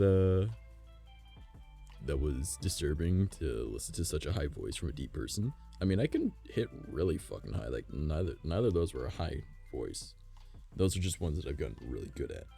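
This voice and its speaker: Deep rough-voiced guy rambling on stream, voice kinda worn out, bouncy up and down. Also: sing-song, moderate pace, warm tone. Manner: rambling, profane, laughs often. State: strained, worn voice. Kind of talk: casual stream chat. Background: faint background music.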